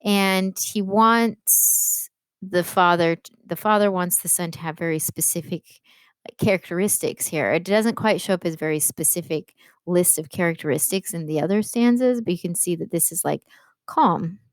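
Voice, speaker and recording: A woman's voice: lowish voice, moderate pace, clear, resonant tone, no echo. A woman English teacher explaining a poem in a patient classroom lecture, with frequent fillers.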